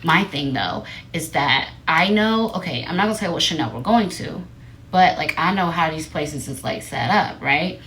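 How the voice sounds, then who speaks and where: Woman, livestreamer, casual storytelling, bright sharp voice, lively swooping pitch, blunt, profane. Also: normal speed, a little hiss or hum. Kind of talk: casual storytelling to a live audience.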